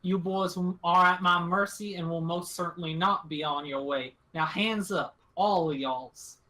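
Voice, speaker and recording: A man's voice: a little high, measured pace, bright, forceful tone. A man voicing a suspicious, armed backwoods woman who speaks in a threatening folksy drawl, in a tabletop game. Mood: menacing.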